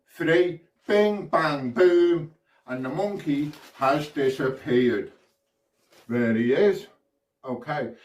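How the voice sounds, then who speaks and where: Chirpy British kids' magician, echoey. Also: male voice, medium pitch. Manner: chirpy, sing-song, addresses kids at home. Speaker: children's magician. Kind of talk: kids' magic show patter. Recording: echoey room, far from mic.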